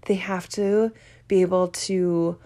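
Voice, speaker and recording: A young woman speaks slowly in a fairly low, mellow voice with a steady tone, hosting her podcast. She discusses her relationship and mental health openly and emotionally, laughing often and describing things vividly.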